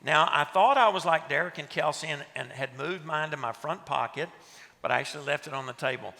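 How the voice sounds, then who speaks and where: A middle-aged man from West Texas, his nasal twang bright and a little gravelly, teaches a church leadership session and tells jokes at his own expense. His voice sits a touch high and carries the long reverb of a large hall. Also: brisk. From West Texas, USA. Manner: self-deprecating, joking storyteller. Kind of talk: teaching talk to a seated audience.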